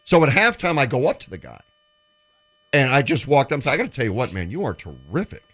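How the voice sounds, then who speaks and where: Lively storytelling man on the radio. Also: mid-range voice, quick pace. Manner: animated storyteller who acts out quotes. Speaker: sports broadcaster telling stories. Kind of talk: casual radio show chat.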